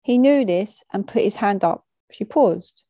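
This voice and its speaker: Mellow woman reading a story. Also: medium pitch, lively intonation, no room sound. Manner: measured, matter-of-fact storytelling with street slang. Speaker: narrator. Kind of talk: reading a short story aloud.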